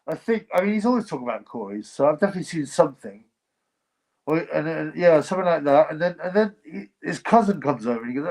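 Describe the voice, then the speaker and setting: A man's voice: a little high, lively intonation, fast talker, a little mellow, rough recording. A man hosting a casual livestream, reading chat comments and giving blunt, rambling opinions. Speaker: livestream host.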